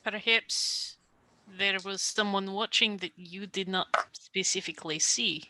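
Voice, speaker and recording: A woman takes part in a tabletop game, voicing her character in measured, formal sentences. She speaks slowly with a bright, forward tone. The recording is dry and close. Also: medium pitch, dry recording. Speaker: player. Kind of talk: tabletop role-play, in character.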